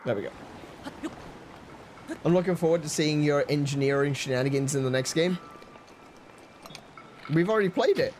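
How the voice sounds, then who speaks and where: A man's voice: on the high side, moderate pace, long pauses, darkish tone, a little hiss or hum. A man casually commenting on his gameplay during a live stream, joking with chat and laughing often. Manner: playful, jokey, laughs a lot, talks to chat. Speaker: game streamer.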